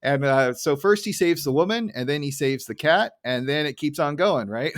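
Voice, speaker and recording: A man's voice: on the high side, animated, moderate pace. A man co-hosting a podcast in casual chat, recapping an episode in an easygoing way with fillers and chuckles. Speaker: podcast co-host.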